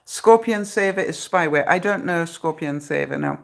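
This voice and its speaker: Low-voiced chatty woman livestreaming. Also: moderate pace, gravelly. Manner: chatty, laughs often, sarcastic humor. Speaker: vlogger hosting a live broadcast. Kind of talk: casual live-stream chat. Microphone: phone.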